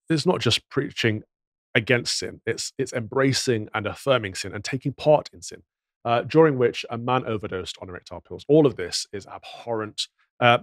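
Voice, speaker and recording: A man's voice: medium pitch, no room sound. A man giving indignant, moralizing commentary on news clips, full of rhetorical questions. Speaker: podcast commentator.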